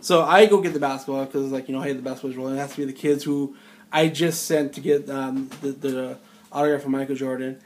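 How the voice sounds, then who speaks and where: A man's voice: medium pitch, fairly even intonation, fast talker. A man in his forties telling a rambling, incredulous story in casual conversational style. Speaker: storyteller recalling film-set security work. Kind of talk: casual spoken anecdote.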